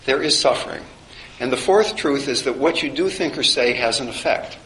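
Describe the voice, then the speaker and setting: A man's voice: medium pitch, animated, moderate pace, fairly bright tone. A man giving an informal classroom lecture, reflective and conversational with wry humor. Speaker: teacher of a chaplaincy course. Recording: roomy with faint background noise.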